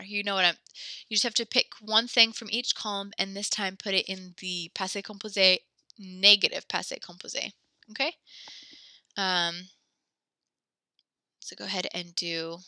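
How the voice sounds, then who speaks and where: A woman's voice: medium pitch, pushed and bright, clean tone, no room sound. A woman teaching a French class, patiently explaining grammar step by step and giving encouraging feedback.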